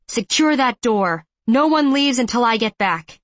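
Snarling villain commander, woman narrator voicing him, barked orders, fairly high, dry close audiobook mic. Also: moderate pace, no echo, lightly acted.

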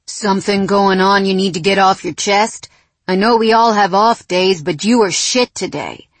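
A woman's voice: medium pitch, normal speed, dry recording, natural voice. Brief: intense, blunt young quarterback, dry close read, woman narrator voicing him. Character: intense blunt male quarterback, protective friend.

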